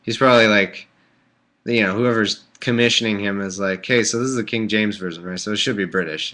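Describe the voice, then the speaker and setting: A man hosting a live stream reads scripture aloud, then breaks off into rambling, jokey asides. His voice is lowish, bright and forceful, and he talks a little fast. The sound comes through a computer microphone on the stream.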